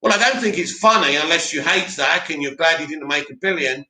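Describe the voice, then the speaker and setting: A man hosts a live stream and fires off blunt, opinionated takes in reply to his chat. His voice sits a little high and sounds sharp and forward, and the room around him is echoey. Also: fairly quick.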